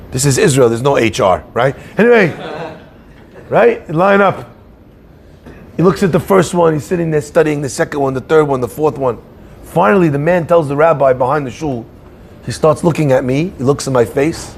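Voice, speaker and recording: A man giving an animated storytelling sermon, acting out the people in his story. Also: fairly high pitch, normal speed, creaky, a little hiss or hum. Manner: animated storyteller, acts out shouting voices. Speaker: rabbi giving a talk.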